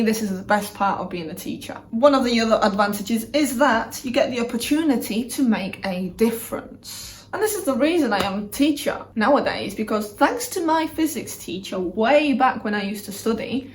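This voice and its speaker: Chatty Manchester woman teacher. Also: fairly high pitch. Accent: Manchester English. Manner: chatty and animated, quick asides. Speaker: English and Spanish teacher. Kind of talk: casual vlog talk to camera.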